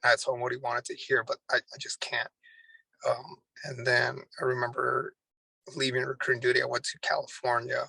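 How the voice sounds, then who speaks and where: A man's voice: medium pitch, completely flat delivery, normal speed, vocal fry, bright, forceful tone, rough recording. A man, a Marine drill instructor, earnestly telling a personal story in an interview, with many restarts.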